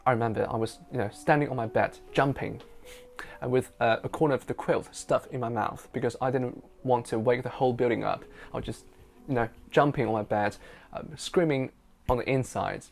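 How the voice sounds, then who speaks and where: A man's voice: medium pitch, a little fast, creaky. A man from China, a native Mandarin speaker, telling a personal story in English in a chatty way, with many fillers like "you know" and "um". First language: Mandarin Chinese. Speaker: interpreter and storyteller. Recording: soft guitar music underneath.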